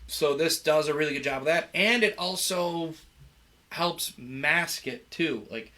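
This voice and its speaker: A man's voice: on the high side, a little slow, pushed and bright. A young adult man, a production manager, chatting casually on a livestream in an easygoing way, laughing often and using lots of fillers.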